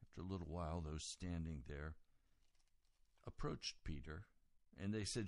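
A man preaching a sermon, retelling a scripture story and moving from quiet reading to loud, raised emphasis. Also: deep voice, a little slow, pauses often, no room sound, clean studio sound.

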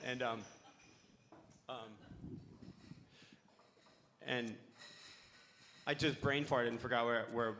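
A man's voice: mid-range voice, a bit bright. Middle-aged guy rambling thru a story on a panel, keeps losing the point, swears a lot. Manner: rambling, loses his thread, swears freely. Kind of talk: casual storytelling on a live panel.

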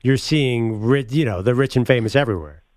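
A man co-hosting a sports radio show, teasing and animated. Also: mid-range voice, fairly quick, no echo, clean studio sound. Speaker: radio co-host.

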